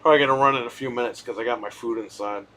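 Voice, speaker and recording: Streamer host, man, bright forceful tone, swears freely, loose animated storytelling. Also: medium pitch, very fast. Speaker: streamer hosting a live Q&A. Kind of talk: casual live-stream chat.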